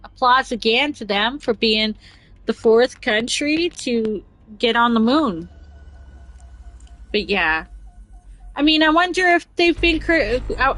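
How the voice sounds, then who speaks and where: A woman's voice: sits high, a bit bright, no echo, rough recording. A woman hosting a casual chat show, reading news aloud and rambling off on tangents with giggles. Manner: rambling, giggly, talks over herself. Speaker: podcast host.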